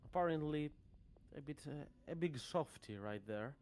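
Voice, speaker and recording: A man voicing a proud, skeptical male relative in a tabletop game, speaking in a measured, lecturing way. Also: on the high side, expressive, a little mellow, a little hiss or hum. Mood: stern lecturing. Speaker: game master.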